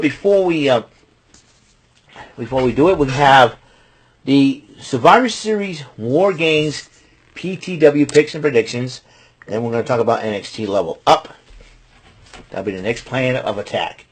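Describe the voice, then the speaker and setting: A man's voice: mid-range voice, animated, moderate pace, pauses often, breathy edge. Male host, casual solo wrestling recap, rambling and chatty. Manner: rambling, chatty, restarts and fillers.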